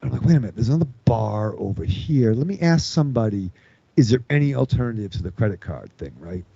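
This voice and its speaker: Man, gravelly, animated, swearing storyteller; dry, dull podcast sound. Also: mid-range voice, quick pace, dry recording. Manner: animated, swearing, acts out other people's lines. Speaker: podcast co-host. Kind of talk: casual storytelling with profanity.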